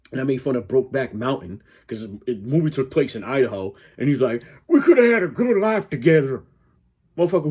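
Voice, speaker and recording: A man's voice: medium pitch, a little mellow, slightly rough. A man hosting a reaction video, talking in a blunt, profane, argumentative way. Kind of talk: casual reaction commentary.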